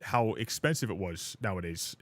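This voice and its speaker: A man's voice: fairly low pitch, lively intonation, moderate pace, a bit bright, no echo. A young man, telling a rambling, profane story while streaming a game. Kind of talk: casual livestream chat.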